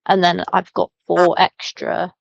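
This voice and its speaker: A woman's voice: on the low side, completely flat delivery, measured pace, creaky, no room sound, dull audio. A woman playing a tabletop game who talks hesitantly, with many ums and apologies. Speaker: player.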